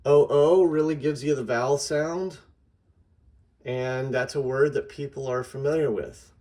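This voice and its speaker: Calm and middle-aged, with an ordinary pitch, a teacher leads his listeners through a lesson at a slow, deliberate pace. As part of the instruction he draws out example words so they can be sounded out.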